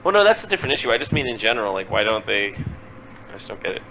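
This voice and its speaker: A man's voice: on the low side, big pitch swings, fast talker, bright, forceful tone, a little hiss or hum, low-quality recording. A man chatting over a headset call, complaining in an exasperated way and swearing. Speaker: guest on stream. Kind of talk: casual voice chat.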